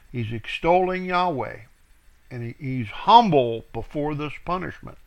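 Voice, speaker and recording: A man teaching scripture verse by verse, reading each verse aloud with stress and then explaining it in a deliberate way with fillers. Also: medium pitch, animated. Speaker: Bible teacher.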